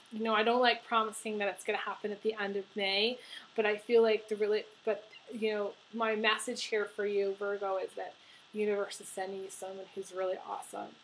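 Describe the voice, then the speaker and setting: A woman's voice: medium pitch, fairly even intonation, brisk, a bit bright, a little hiss or hum, poor audio. A woman giving a casual tarot reading to camera, emotional and crying as she talks, with many ums and restarts. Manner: emotional, tearful, laughing through tears. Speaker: tarot reader.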